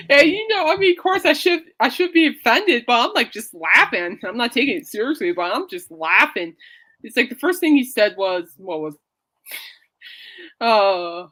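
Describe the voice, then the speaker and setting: A woman with a higher, sharp-toned, animated voice hosts a casual podcast at a moderate pace with long pauses. She rambles and laughs a lot while chatting.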